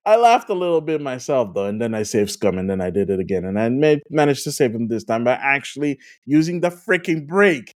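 A podcast host spinning a casual gaming anecdote with a lively, wide-ranging pitch that swoops up and down. The delivery is animated and sprinkled with "like" fillers. The voice sits at a middling pitch. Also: brisk, hardly any pauses. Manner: laughs through stories.

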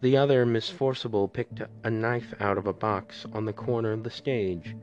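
A man reading a children's novel aloud for a podcast, steady and unhurried. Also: lowish voice, dull audio, soft background music. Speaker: podcast reader. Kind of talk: audiobook reading.

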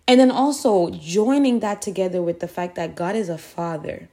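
Woman host for a faith podcast: earnest, emphatic repetition, lower-middle voice. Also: normal speed, hardly any pauses, dark tone. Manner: earnest, repeats phrases for emphasis. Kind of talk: devotional podcast talk.

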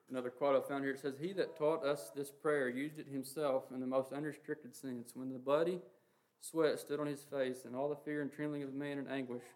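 A man giving an informal, earnest sermon, talking haltingly with many fillers and reading scripture passages aloud. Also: mid-range voice, darkish tone. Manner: halting, heavy with "you know" and "um" fillers. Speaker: preacher. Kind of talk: informal sermon on the Lord's Prayer.

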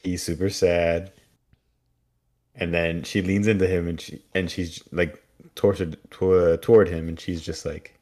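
A man's voice: low voice, flat delivery, a little slow, a little mellow. A man co-hosting a podcast, trading wry jokes in casual recap chat. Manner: wry, jokey asides. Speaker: podcast co-host.

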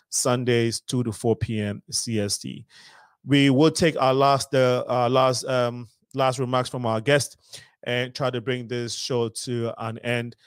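A Ghanaian man hosting a community talk show speaks haltingly, starting phrases over and chuckling at himself. His pitch is an ordinary middle range and his tone is clean, in a dry yet rough-sounding recording.

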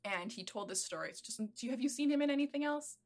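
A woman's voice: high voice, lively intonation, quick pace, a little mellow. A woman in casual podcast chat about a movie, chatty and laughing often, acting out quotes. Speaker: podcast co-host.

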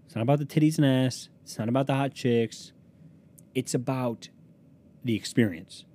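A man's voice: mid-range voice, normal speed, warm tone, slight background noise. A young man hosting his own podcast alone at a desk microphone, telling crude, rambling, self-mocking stories. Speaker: podcast host. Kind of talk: solo comedic podcast monologue. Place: small room at a desk, recording alone.

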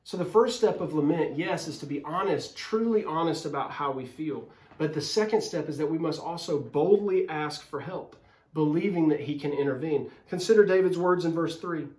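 A man's voice: on the high side, moderate pace, a little mellow. A man preaching a sermon as a pastor, speaking earnestly and directly to his listeners through a phone camera. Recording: roomy echo.

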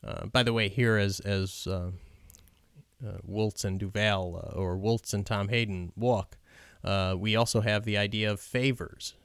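A man talks over a film in an unscripted commentary, stopping and restarting often with plenty of ums. His voice sits a bit low and sounds clean and smooth. The sound is dry, with no room around it. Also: steady tone, fairly bright tone, no room sound. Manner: halting, many ums and restarts, admiring.

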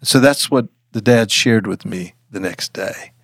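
An older man, a podcast guest, telling a story earnestly with many halting restarts, recorded close on a studio mic. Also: lowish voice, a bit bright, dry recording. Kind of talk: storytelling in an interview.

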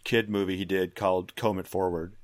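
A man's voice: sits low, flat delivery, fairly quick. A man guesting on a podcast, making dry wisecracks in casual chat.

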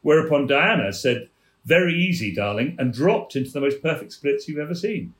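A man, a theatre producer telling anecdotes on a chat show, animated and laughing as he goes. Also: a little high, a little fast, reverberant. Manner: animated storyteller, laughing mid-story.

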